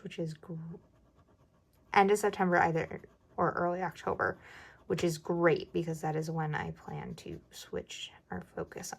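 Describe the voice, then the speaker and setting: A young woman chatting casually while budgeting for her vlog, often dropping into a soft whisper. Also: on the low side, creaky, rough recording. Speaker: budgeting vlogger. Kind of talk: casual cash-stuffing vlog narration.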